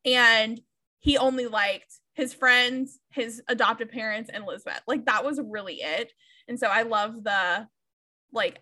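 A young woman talks through a book with a co-host in a loose, candid way. Her voice sits high and sounds bright and sharp. She laughs easily and drops swear words without a second thought. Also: unhurried. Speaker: podcast co-host. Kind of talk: casual book chat.

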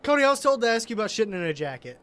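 A man's voice: sits high, very animated, racing, noisy background. A man hosting a podcast in casual chat, teasing a co-host with jokes. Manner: teasing, jokey.

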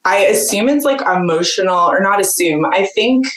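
A woman's voice: medium pitch, expressive, moderate pace, fairly bright tone. A woman guest telling a personal story in a casual, chatty way, full of "like" fillers and frequent laughter. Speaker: podcast guest, jeweler. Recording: roomy echo.

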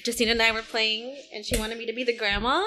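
A woman chatting casually about her daughter, self-deprecating and quick to laugh. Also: fairly high pitch, little pitch movement, bright, forceful tone. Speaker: co-host, mother. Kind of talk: casual chat. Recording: noisy recording.

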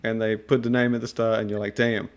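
A man's voice: on the low side, little pitch movement, fast. A man with an Australian accent chatting casually on a podcast, joking, swearing and acting out quotes. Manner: swearing, jokey, acts out quotes. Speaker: podcast co-host.

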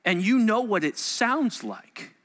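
A male pastor preaching a sermon to a congregation, telling the story dramatically and dropping into quiet asides. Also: high-pitched, slow, in a large hall. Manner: animated, dramatic storytelling with sudden soft asides. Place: church sanctuary.

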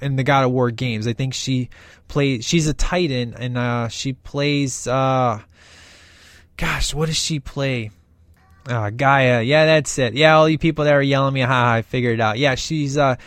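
A man's voice: mid-range voice, no echo, clean studio sound. A man hosting casual movie commentary, talking in a rambling, enthusiastic way with lots of fillers. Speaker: podcast host reviewing a film.

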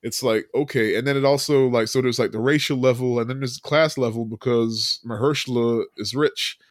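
A man's voice: medium pitch, steady tone, brisk, no echo. Casting: male podcast host, casual rambling storyteller, laughs easily, dry close sound. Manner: loose storyteller, many fillers, laughs often. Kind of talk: casual movie recap chat.

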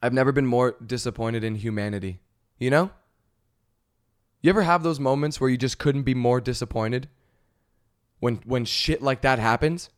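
A man's voice: mid-range voice, normal speed, pauses often. Male podcast host, casual comedic rant, swears a lot, exasperated and rambling, mid-range voice. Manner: profane, exasperated, rambling with fillers.

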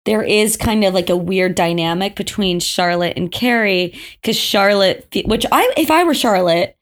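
A woman's voice: medium pitch, moderate pace. A woman co-hosting a casual TV recap chat, laughing often and retelling scenes with animation. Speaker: podcast co-host.

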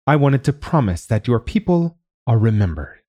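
A man voicing a gentle alien visitor that speaks in a halting, careful way in an audiobook story. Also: medium pitch, big pitch swings, no room sound, pitched above the performer's own voice. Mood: earnest. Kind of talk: audiobook reading.

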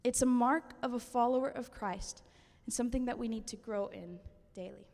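A woman sharing a short devotional thought, speaking quietly and quickly, in a church hall. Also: a little high, gravelly. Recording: church hall reverb, distant.

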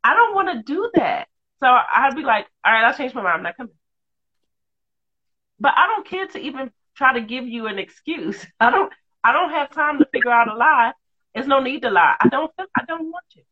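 A woman's voice: high voice, moderate pace, husky. A woman in her thirties chatting casually, telling profane stories with lots of laughter. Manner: animated, laughing, profane storytelling. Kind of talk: casual chat. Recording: dull lo-fi sound.

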